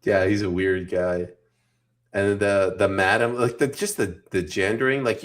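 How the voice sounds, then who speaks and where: A man's voice: fairly low pitch, normal speed. A man from Canada co-hosting a casual political podcast, joking, laughing often and reading audience comments aloud.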